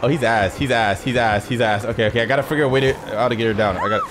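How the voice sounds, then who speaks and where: A man's voice: mid-range voice, racing, hardly any pauses. A young man doing nervous let's-play commentary, swinging between muttered self-talk and shrieks and cursing a lot. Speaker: gaming YouTuber. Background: game music.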